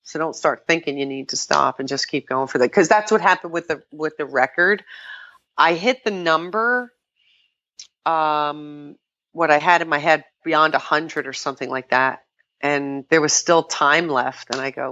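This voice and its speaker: An older woman, a podcast guest, chatting casually and telling lively stories, often quoting herself and laughing. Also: low-pitched, normal speed, lo-fi sound. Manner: animated storytelling, quotes herself, laughs often. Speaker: podcast guest, kettlebell sport athlete. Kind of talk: casual interview chat.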